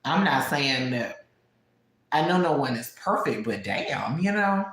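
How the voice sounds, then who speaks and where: A woman's voice: very deep voice, sing-song, a little slow, fairly bright tone. A woman in her late thirties hosting a live stream, chatting candidly with viewers at home, laughing often and snacking as she talks. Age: 30s. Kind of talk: casual live-stream chat. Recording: very echoey room.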